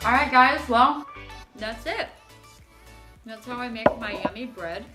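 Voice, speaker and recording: Bright, chirpy young woman baking at home. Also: on the high side, measured pace, faint music behind. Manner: playful, self-deprecating, trips over words. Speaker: home baker vlogger. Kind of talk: casual cooking vlog. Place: home kitchen.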